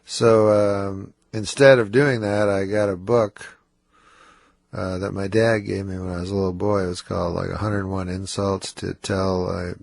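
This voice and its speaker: A man guesting as a comedian on a radio show, talking in a low, nasal, slightly slurred and breathless way with a dry, halting delivery. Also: flat delivery, vocal fry, no room sound. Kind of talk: casual radio interview. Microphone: studio microphone.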